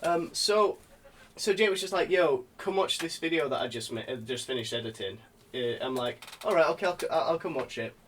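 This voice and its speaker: A man's voice: on the high side, expressive, fairly quick, fairly bright tone, a little hiss or hum. A man in casual podcast chat, telling a dream story animatedly, swearing and laughing as he goes. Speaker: podcast co-host.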